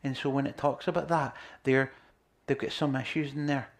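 A man preaching a sermon, earnest, moving between loud emphasis and quiet, near-whispered lines. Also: medium pitch, level tone, normal speed.

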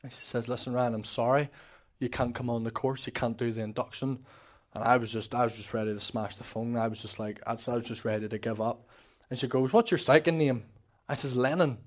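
Young Northern Irish man, church testimony, candid storyteller, steady monotone delivery. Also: medium pitch, fairly quick. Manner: candid storytelling, acting out quoted dialogue. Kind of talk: personal testimony.

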